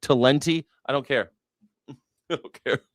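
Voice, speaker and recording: A man's voice: mid-range voice, measured pace, no echo, studio quality. An American man hosting a casual news commentary livestream, sarcastic and profane, laughing at his own jokes.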